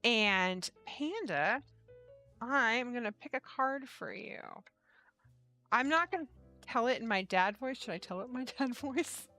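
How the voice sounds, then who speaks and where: A woman's voice: a little high, expressive, a little slow, pushed and bright, soft background music. A woman hosting a casual live stream, chatty, laughing often and swearing casually. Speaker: livestream host and yarn shop owner.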